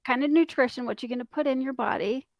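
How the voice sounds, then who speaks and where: A woman's voice: sits high, fast, dry recording, muffled recording. A woman life coach on a casual podcast, upbeat and chatty, laughing often as she explains her ideas. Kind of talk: casual motivational podcast chat.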